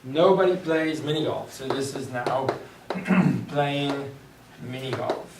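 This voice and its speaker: Male teacher, slow and deliberate, quizzes the class; roomy far-off classroom recording. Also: medium pitch. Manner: thinks aloud, poses questions to the class. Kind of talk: classroom lecture. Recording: echoey room, distant mic, clear background noise.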